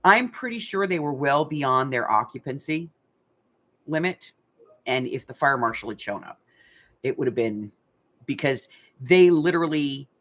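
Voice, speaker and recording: Chatty older woman telling a story. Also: rumbling low. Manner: chatty, animated retelling with filler words. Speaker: craft channel host. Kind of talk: casual storytelling.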